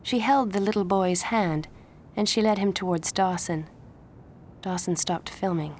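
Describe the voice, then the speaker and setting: A woman narrating a simple story aloud in a clear, steady read-aloud pace. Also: on the low side, unhurried, slight background noise. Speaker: audiobook narrator.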